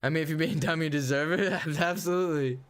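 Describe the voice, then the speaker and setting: A man with a high voice streams a game and chats casually with his viewers. He rants bluntly, full of slang and swearing. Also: quick pace, fairly bright tone, smooth. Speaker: gaming livestreamer. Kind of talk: casual livestream chat while playing.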